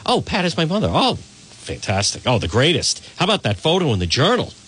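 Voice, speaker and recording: A man's voice: a little high, wildly swooping pitch, fairly quick, fairly bright tone, husky. A man hosting a live call-in talk radio show, rambling and digressing as he chats.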